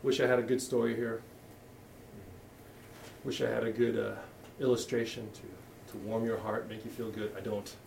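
A man's voice: lowish voice, level tone, normal speed, creaky, a little mellow, slight background noise. A middle-aged man preaching a sermon as pastor, talking candidly and conversationally, often restarting his sentences. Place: church hall. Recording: echoey room, voice from a distance.

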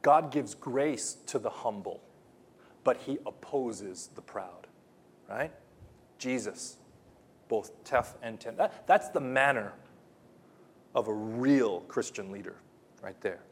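Dynamic preacher man, loud then hushed. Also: medium pitch, takes it slowly, long pauses, slightly rough. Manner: swings between loud emphatic bursts and quiet, hushed lines; repeats phrases for emphasis, preacherly. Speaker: pastor. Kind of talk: sermon.

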